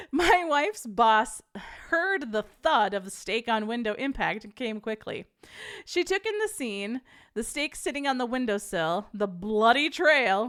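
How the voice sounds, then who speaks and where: Young woman host, slightly high voice, laughs a lot, casual live-chat storyteller. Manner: laughs often, animated storytelling. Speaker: podcast host reading stories.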